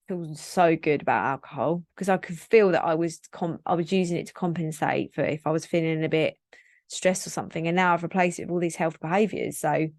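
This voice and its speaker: A woman in her thirties with a fairly low voice talks openly and reflectively as a podcast host, wandering through her thoughts and filling her sentences with "like". Her voice sounds close and dry, with no room echo. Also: a little mellow. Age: 30s. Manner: candid, reflective, rambling with frequent "like" fillers. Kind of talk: solo podcast monologue.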